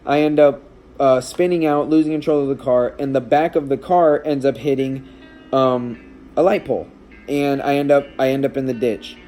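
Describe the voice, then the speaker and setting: A man's voice: mid-range voice, steady tone, moderate pace, warm tone, faint music behind. A man telling a personal story in a casual vlog, shaken and emotional, with many restarts and fillers. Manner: rambling, with frequent restarts and fillers. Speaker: vlogger and stepdad.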